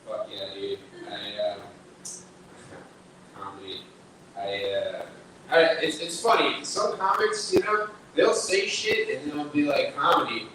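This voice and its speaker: A man's voice: a little high, slow pace. Rambling young man, echoey bar room. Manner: loose, rambling delivery with frequent swearing and restarts. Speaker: stand-up comedian. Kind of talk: stand-up set at an open mic. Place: small bar comedy room. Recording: echoey room, distant mic, noisy.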